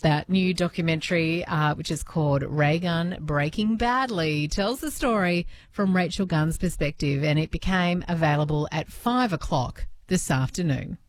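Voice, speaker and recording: Brief: Australian female radio presenter, lower register, brisk and conversational. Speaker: radio host.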